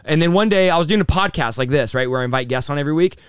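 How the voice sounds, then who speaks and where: Pastor guest, thirties, male: animated and fast-talking, slightly high, smooth clear voice, dry close sound. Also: dry recording. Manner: animated, rapid-fire, says bro and dude. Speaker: pastor and revivalist, interview guest. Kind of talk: excited conversational storytelling.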